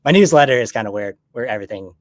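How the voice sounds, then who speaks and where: A man's voice: medium pitch, racing, no room sound. A man guest on a soccer talk stream, speaking casually with lots of fillers. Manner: relaxed, filler-heavy. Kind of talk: casual chat.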